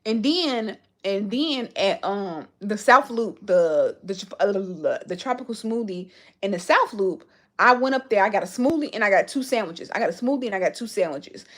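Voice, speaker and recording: Husky, lively-voiced woman telling blunt stories. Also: mid-range voice, normal speed. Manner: blunt, profane storytelling with lots of slang. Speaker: livestreamer. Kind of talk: casual livestream chat.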